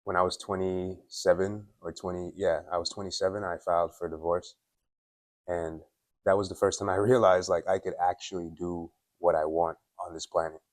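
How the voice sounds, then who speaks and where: A man from Dominica in his late twenties or thirties, talking through a casual motivational monologue for his vlog. He is candid and opinionated, fills his talk with "like", and clears his throat often. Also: deep voice, little pitch movement, moderate pace, dry recording, studio quality. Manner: candid, opinionated, filler-heavy with frequent "like". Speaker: self-improvement vlogger. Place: at his workplace.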